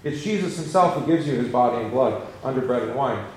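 A man's voice: medium pitch, animated, brisk, darkish tone, slight background noise. A man, a pastor, teaching a Bible study class in a conversational way and asking the group questions. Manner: conversational, asks questions, many restarts.

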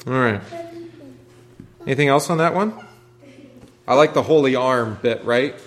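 A pastor with a medium-pitched voice speaks a little slowly while leading a Bible study. He keeps it conversational, asks the group questions, and makes many restarts.

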